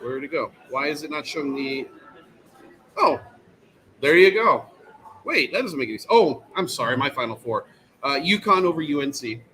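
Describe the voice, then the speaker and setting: An easygoing male co-host talks casually and pokes fun at himself. His pitch swings widely and his tone is bright, with a slightly high voice. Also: animated, moderate pace, long pauses. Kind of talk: casual chat.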